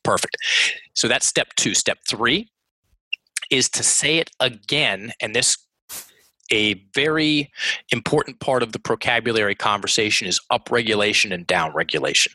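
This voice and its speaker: Podcast guest, male, bright and forceful tone, dry close sound, lively explainer who stumbles and restarts. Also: on the low side, moderate pace, dry recording, rough recording. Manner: animated, acts out quoted voices, many restarts. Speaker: guest coach. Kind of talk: conversational podcast interview.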